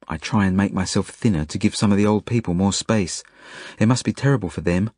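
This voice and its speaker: A man reading his own novel aloud in the first person, earnest and rising to urgent shouts. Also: on the low side, fairly quick, breathy edge, no room sound, studio quality. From Australia. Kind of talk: audiobook narration.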